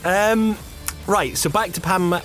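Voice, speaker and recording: A man co-hosting a podcast, animated and quick with wry comebacks. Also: sits high. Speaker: podcast co-host. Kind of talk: casual comedic chat.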